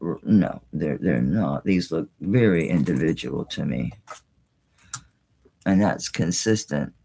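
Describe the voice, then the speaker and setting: Low-voiced middle-aged lady chatting thru a live jewelry sale, lively swoopy delivery, cusses a bit. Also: slow, creaky, slightly rough. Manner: chatty, exclaiming, mild swearing. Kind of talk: casual live-stream sales talk.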